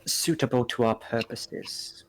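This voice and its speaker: A man voicing three blank, emotionless collectors who speak in a flat monotone. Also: mid-range voice, unhurried, slight background noise, natural voice. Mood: cold, flat.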